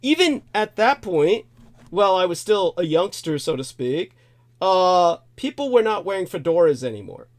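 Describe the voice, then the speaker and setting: A man with a voice a touch higher than most men tells a long personal story. He wanders off on tangents, circles back and repeats key phrases, chuckling as he goes. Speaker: host. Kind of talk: rambling spoken storytelling.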